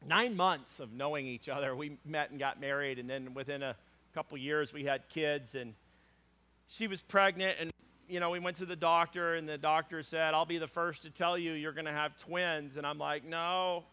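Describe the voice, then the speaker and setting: A male pastor preaching a sermon to a congregation, telling funny personal stories in an animated way. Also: on the high side, normal speed. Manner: animated storytelling with humor. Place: church before a congregation.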